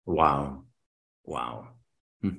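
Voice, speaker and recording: Deep-voiced fervent male radio host. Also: drawn-out words, gravelly, pushed and bright. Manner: fervent, patriotic, rambling. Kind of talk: talk radio interview.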